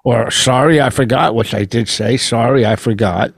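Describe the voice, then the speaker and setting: A man's voice: medium pitch, moderate pace, vocal fry, breathy edge, no room sound. A man co-hosting a podcast from home, bickering defensively with his wife in a casual argument. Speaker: podcast co-host. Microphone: computer camera.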